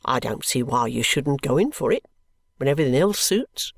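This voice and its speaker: A reader voicing a scheming, sentimental young male law clerk who talks in a confiding, often hushed and whispery way. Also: mid-range voice, very animated, normal speed, dry recording.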